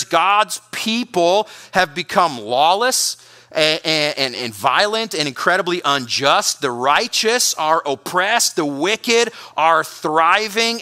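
Energetic high-voiced male preacher. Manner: energetic, emphatic preaching with repetitions. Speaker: pastor. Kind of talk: sermon.

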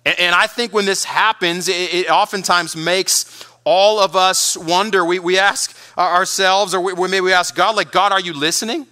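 A man's voice: high-pitched, steady tone, moderate pace, sharp tone. A man preaching a sermon as pastor, earnest, often repeating words and restarting.

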